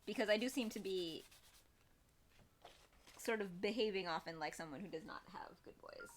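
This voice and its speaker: A young woman streaming live, chatting in a rambling, expressive way to her viewers. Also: mid-range voice, moderate pace, a little hiss or hum. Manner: chatty, rambling and expressive, with laughs and quoted voices. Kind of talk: casual live-stream chat.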